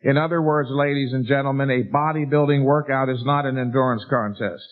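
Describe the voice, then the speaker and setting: A man's voice: medium pitch, steady tone, fairly quick. A middle-aged man giving a bodybuilding seminar lecture, emphatic and lecturing, with rhetorical questions to a live audience. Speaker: seminar speaker. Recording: tinny lo-fi 1990s lecture recording.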